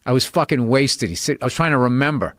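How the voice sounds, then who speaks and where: A man's voice: mid-range voice, expressive, quick pace, a bit bright, no echo, clean studio sound. A man in casual podcast chat, telling profane stories and laughing as he goes.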